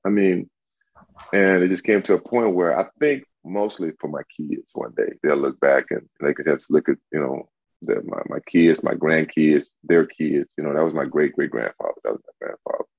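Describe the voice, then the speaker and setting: A man in his sixties, a guest on an interview show, telling stories in a lively way and acting out what others said. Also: moderate pace, creaky, dry recording, highs cut off. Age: 60s. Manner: animated storyteller, acts out quotes in a high voice. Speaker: guest, retired football player. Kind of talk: casual interview.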